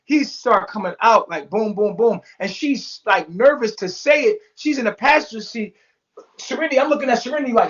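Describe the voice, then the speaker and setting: A man's voice: sits high, brisk. A man telling a story in casual, profane talk, acting out what others said in their voices. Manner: animated, profane, acts out quotes in voices. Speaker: interview guest. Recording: dull lo-fi sound.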